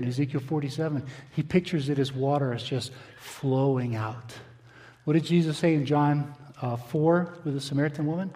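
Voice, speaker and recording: A man preaching a sermon, reading scripture aloud and slowing down for emphasis. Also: a little high, mellow, long reverb tail. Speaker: pastor.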